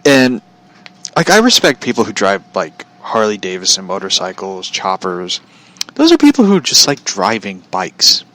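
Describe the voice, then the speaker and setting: A man's voice: fairly low pitch, wildly swooping pitch, moderate pace, pushed and bright. A man hosting his show from home, telling a story as a profane, aggravated rant. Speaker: show host. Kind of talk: ranting storytelling.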